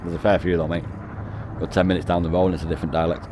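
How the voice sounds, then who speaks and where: A man's voice: sits low, flat delivery, very fast, background noise. A man, chatting casually on a game stream, swearing constantly and laughing often as he banters with his viewers. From North West England.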